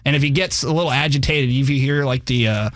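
A man's voice: mid-range voice, fast talker, no echo, studio quality. A man co-hosting a sports radio show, rambling and joking in casual banter, restarting his sentences often.

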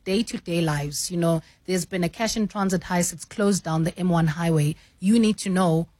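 A woman talks through the craft of news reading in an even, measured way, often adding "you know". Her voice sits on the lower side. The sound is close and dry, like a studio mic. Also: no echo. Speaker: news anchor and mentor. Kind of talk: radio studio conversation.

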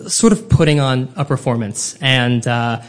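A man telling a personal story live on stage, with comic, self-deprecating and animated delivery. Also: mid-range voice, unhurried.

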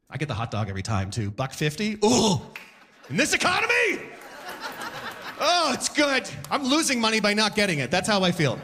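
A man working a stand-up crowd from the stage, his voice pitched a bit high and swinging widely as he jumps into loud, shouted impressions. The delivery is animated and playful. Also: normal speed, noisy background. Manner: animated, acts out shouted voices and sound effects. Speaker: stand-up comedian. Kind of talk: stand-up set. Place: stage before a live audience.

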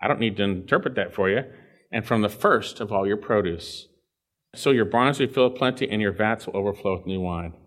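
A man preaching an expository sermon, reading scripture aloud and explaining it, swinging from emphatic high points to quiet low asides. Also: a little fast. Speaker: pastor.

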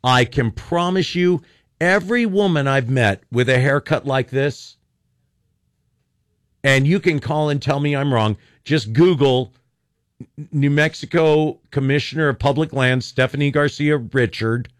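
A man's voice: mid-range voice, measured pace, no echo, studio quality. An older man, a talk radio host, ranting sarcastically and rambling with frequent restarts.

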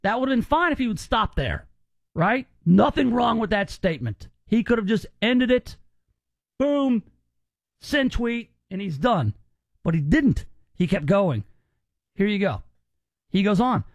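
A man's voice: high voice, big pitch swings, measured pace, creaky, long pauses, no room sound. A man hosting a talk radio show from a studio, talking in a conversational, emphatic way and often restarting his words.

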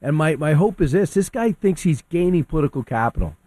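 A man's voice: fairly high pitch, a little fast, no room sound. A man on talk radio giving heated opinionated commentary, acting out quotes as he argues. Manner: animated, quotes people in acted voices.

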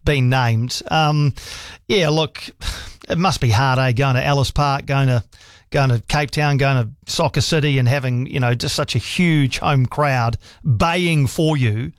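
A man's voice: mid-range voice, unhurried, no echo. A man with a New Zealand accent hosting a talkback radio show, chatty and full of restarts, speaking on a studio mic. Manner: chatty, hesitant restarts, mate-style banter. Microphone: studio microphone.

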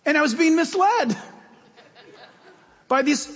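A male pastor delivers a sermon in a notably high voice, animated and storytelling, shifting from loud emphasis to hushed asides. His words carry a long reverb as if spoken in a large hall. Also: slow pace. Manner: animated storytelling, swings between loud and soft.

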